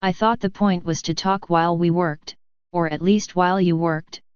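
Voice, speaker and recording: Woman doing a young male pony thief, guarded, dismissive, clear voice, dry dull recording. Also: on the low side, steady tone, normal speed, dry recording, natural voice. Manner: brushes off sympathy, guarded.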